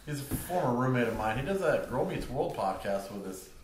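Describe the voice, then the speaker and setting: A man's voice: mid-range voice, very animated, a little fast, rough recording. A man hosting a podcast in casual chat, laid-back and joking. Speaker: podcast host.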